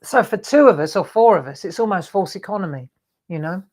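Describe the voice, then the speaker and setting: A woman's voice: fairly low pitch, lively intonation, brisk, darkish tone. Chatty older woman. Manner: chatty, rambling, reads out viewer comments. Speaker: craft show host. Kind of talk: casual livestream chat with viewers.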